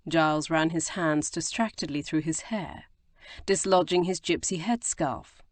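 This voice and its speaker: Low-voiced woman narrating an audiobook. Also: fairly even intonation, no echo. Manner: measured storytelling. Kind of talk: scripted narration.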